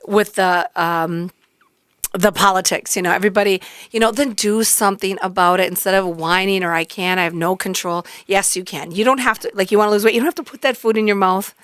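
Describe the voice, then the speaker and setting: Woman, radio guest, excitable storyteller, dry close studio mic. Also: mid-range voice, brisk, dry recording. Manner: excitable storyteller, acts out quotes. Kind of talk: casual chat.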